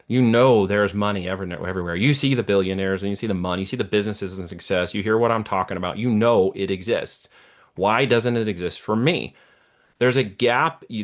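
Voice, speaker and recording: A middle-aged man talking as an interview guest, giving a motivational talk and often checking in with "okay?" and "right?". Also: lowish voice. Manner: preachy, checks in with listener often. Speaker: guest, entrepreneur.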